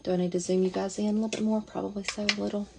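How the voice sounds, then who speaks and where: A woman's voice: medium pitch, little pitch movement, very fast, gravelly, noisy background. A woman talking casually through a makeup demonstration, chatty and thinking aloud as she goes. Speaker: makeup seller demonstrating products.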